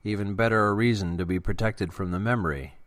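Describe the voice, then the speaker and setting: A man gives voice to a grave, middle-aged guardian construct, speaking in low, measured, formal sentences. It sits close and dry in the recording. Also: fairly even intonation, fairly bright tone, no echo, close to an everyday voice.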